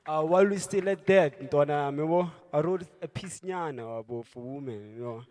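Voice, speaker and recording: A man's voice: fairly high pitch, normal speed, a little mellow. A man, a poet, performs spoken-word poetry in a rhythmic recital.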